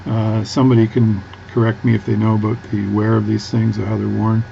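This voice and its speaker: A man's voice: on the low side, flat delivery, a little fast, creaky, dark tone, lo-fi sound, a little hiss or hum. A Canadian man with a Canadian accent, chatting casually as he works through a watch repair, rambling and restarting often. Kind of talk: casual workbench tutorial.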